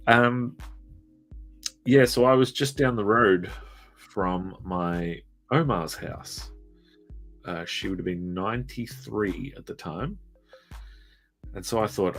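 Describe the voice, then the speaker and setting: A man with a very low voice tells stories slowly on a live drawing stream. He rambles with plenty of ums and pokes fun at himself, and faint music plays in the background. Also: fairly bright tone. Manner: self-deprecating, rambling, lots of fillers. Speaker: streamer and artist. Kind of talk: casual storytelling on a live stream.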